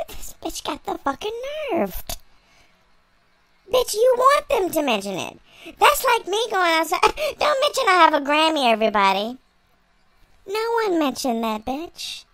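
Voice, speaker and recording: A woman's voice: very high-pitched, wildly swooping pitch, measured pace, long pauses, fairly bright tone, dry recording. A young woman vlogger delivering a sassy, profane, mocking reaction rant, laughing between lines.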